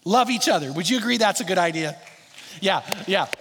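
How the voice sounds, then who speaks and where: A man's voice: high-pitched, animated, a little fast, creaky, a bit bright, slightly rough. A middle-aged male pastor preaching a sermon in a fervent, repetitive cadence. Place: large church hall. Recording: long reverb of a large hall.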